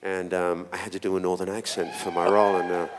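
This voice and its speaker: A male actor from London speaking on a convention panel in a relaxed, hesitant way, drawing the audience in. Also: low voice, fast talker, heavy background noise. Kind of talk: casual panel talk. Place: large convention hall. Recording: reverberant hall with audience.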